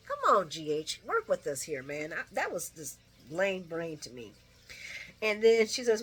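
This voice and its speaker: Blunt, bright-voiced woman recapping soaps. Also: fairly low pitch, sing-song, unhurried, slightly rough. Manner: blunt and opinionated, curses freely; laughs often while talking. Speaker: soap opera recap vlogger. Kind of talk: casual late-night recap.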